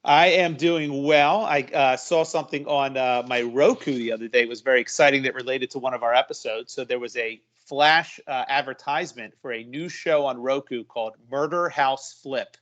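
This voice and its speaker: A man's voice: medium pitch, moderate pace, few pauses, a bit bright, lo-fi sound. A man co-hosting a casual podcast over an online call, wry and teasing, laughing often. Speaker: podcast co-host. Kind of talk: casual chat.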